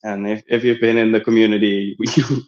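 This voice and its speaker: A man in casual chat on a live audio space, earnest and reassuring, halting with many fillers. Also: fairly low pitch, little pitch movement, darkish tone. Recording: slightly dull lo-fi audio.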